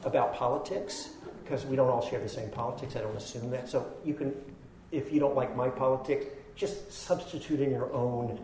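A man's voice: medium pitch, fairly even intonation, moderate pace, mellow, reverberant, a little hiss or hum, low-quality recording. A man giving a dharma talk, telling a self-deprecating personal story with laughs and then teaching. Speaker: meditation teacher.

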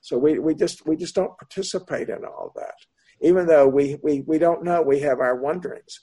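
A man teaching as a Buddhist meditation teacher, answering a question in a slow, searching, meandering Dharma talk. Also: fairly high pitch, warm tone, slightly rough.

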